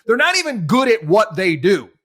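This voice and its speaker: A man's voice: high-pitched, very animated, normal speed, fairly bright tone, no echo, clean studio sound. A man hosting a talk show, giving sarcastic, exasperated commentary full of rhetorical questions. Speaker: host. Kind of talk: opinionated talk radio commentary.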